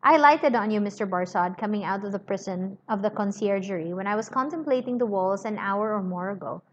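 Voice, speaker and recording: A cool, sardonic gentleman, as a woman reader puts him on, speaks in measured, quietly cutting sentences. His voice sits mid-pitch and comes through a slightly dull, muffled recording. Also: slight background noise, natural voice. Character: Sidney Carton, cool, sardonic Englishman.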